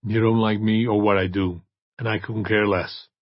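A man voicing a hard, cold male vigilante who speaks quietly and flatly. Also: lowish voice, normal speed, dry recording, highs cut off, lightly acted.

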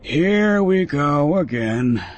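A man voicing a gruff, stubborn seventy-five-year-old rancher with a gravelly voice, curt and dismissive in a spoken story. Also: on the high side, expressive, very slow, faint music behind, pitched above the performer's own voice, full character voice. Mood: scornful.

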